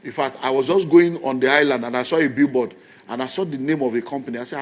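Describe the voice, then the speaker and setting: A man, a pastor giving a motivational talk as an animated storyteller who acts out the dialogue. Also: mid-range voice, a little fast. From Nigeria.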